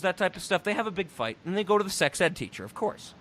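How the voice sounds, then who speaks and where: A man hosting a podcast in casual, animated chat, swearing freely, laughing and recapping scenes with gusto. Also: sits high, quick pace, few pauses, slight background noise. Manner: animated, profane, laughing, storytelling. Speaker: podcast host.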